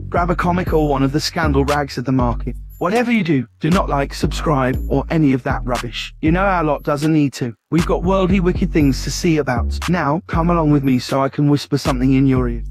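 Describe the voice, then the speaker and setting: A man's voice: fairly high pitch, close to an everyday voice. A man voicing a scheming, pompous demonic spirit boss with a sneering, theatrical manner. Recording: music playing loudly behind.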